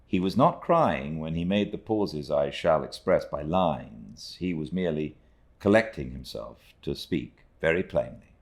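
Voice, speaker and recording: Very deep, slow male audiobook narrator. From Britain. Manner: measured, expressive storytelling. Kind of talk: unabridged audiobook reading.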